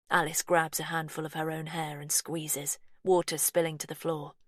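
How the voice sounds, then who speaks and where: A woman reading a story aloud as an audiobook narrator, hushed and measured. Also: deep voice, flat delivery, no room sound, studio quality.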